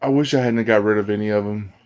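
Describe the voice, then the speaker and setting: A man's voice: lowish voice, steady tone, fast talker, a little mellow. A man vlogging about games in a blunt, rambling casual rant, often restarting his sentences. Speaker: gaming vlogger.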